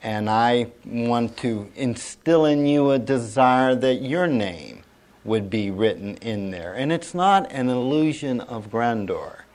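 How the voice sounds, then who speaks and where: A man's voice: medium pitch, animated, takes it slowly, darkish tone. A middle-aged man preaching a sermon, reading scripture and leading the congregation in call-and-response. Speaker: pastor.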